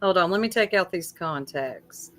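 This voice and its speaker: A woman's voice: lowish voice, animated, moderate pace. A woman co-hosting a livestream, chatty and teasing as she reads the chat aloud. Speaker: livestream co-host.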